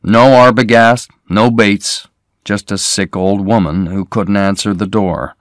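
A man's voice: on the low side, steady tone, a little slow, no room sound, studio quality, close to an everyday voice. A man reading the lines of a worried adult man who speaks urgently and insistently. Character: worried adult man helping his friend.

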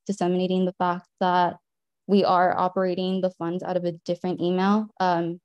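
A woman's voice: lowish voice, dark tone, dry recording. Earnest young woman at a council meeting. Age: young adult. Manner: earnest, measured, many "um" pauses. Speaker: student council member. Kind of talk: meeting remarks.

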